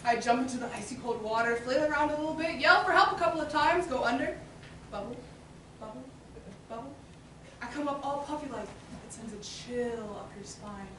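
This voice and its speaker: A brash, hustling street performer in a stage play. She has a sly, wheedling sales patter in a high voice. The sound comes from a distance in a very echoey hall with faint background noise. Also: brisk, fairly bright tone. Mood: salesy.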